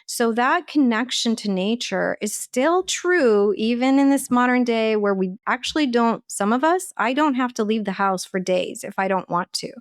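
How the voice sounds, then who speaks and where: A woman's voice: on the high side, animated, normal speed, few pauses, no room sound, studio quality. Earnest woman giving practical wellness advice. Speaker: holistic nutritionist and life coach, podcast guest. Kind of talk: conversational advice in an interview.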